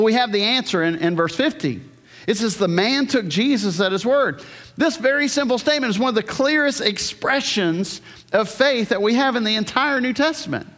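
A man's voice: high voice, a bit bright. A man preaching an earnest sermon, often putting questions to the congregation and restarting his sentences. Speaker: pastor. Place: church hall. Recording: long hall reverb.

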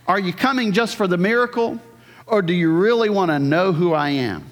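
A man's voice: high voice, lively intonation, moderate pace. A man preaching an earnest sermon, often putting questions to the congregation and restarting his sentences. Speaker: pastor. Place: church hall. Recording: long hall reverb.

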